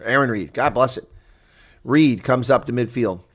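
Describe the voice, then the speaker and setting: A man giving live play-by-play rugby commentary, excitable and rising to shouts at big plays. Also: medium pitch, normal speed.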